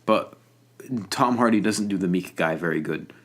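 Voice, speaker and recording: Blunt low-voiced young man, unimpressed. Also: moderate pace, a crowd in the background. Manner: blunt, unimpressed, swears casually. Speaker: movie reviewer. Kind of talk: casual chat.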